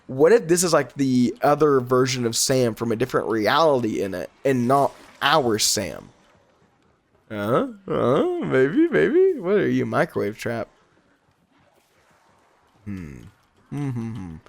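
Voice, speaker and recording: A man's voice: mid-range voice, a little slow, vocal fry. A man with a cold and a stuffy, nasal voice, giving rambling gameplay commentary and getting sidetracked. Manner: rambling, easily sidetracked, laughs often, voice jumps up in excitement. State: congested from a cold. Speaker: gaming YouTuber.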